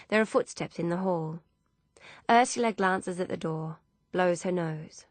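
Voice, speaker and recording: A woman with a voice on the low side narrates an audiobook, telling the story in a steady, measured way. It's scripted narration with no echo.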